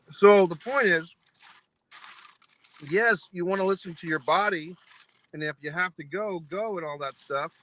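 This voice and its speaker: A man's voice: sits high, unhurried, long pauses, fairly bright tone, slight background noise, poor audio. A man vlogging a foul-mouthed, exasperated anecdote, mock-philosophical as he spells out its lessons. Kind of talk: profane ranting anecdote to camera.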